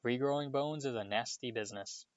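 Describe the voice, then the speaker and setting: A man's voice: medium pitch, no echo, dull audio, lightly acted. A man voicing a stern, scolding school nurse. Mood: grim. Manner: scolding and brisk. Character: stern, bustling older woman school nurse.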